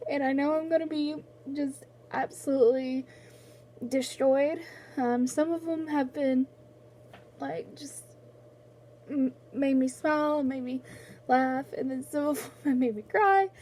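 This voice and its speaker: A woman's voice: sits high, warm tone, slight background noise. A young woman vlogging casually at home about books, rambling with lots of fillers and restarts, close to tears. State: tearful, on the verge of crying. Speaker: book vlogger. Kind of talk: casual vlog chat.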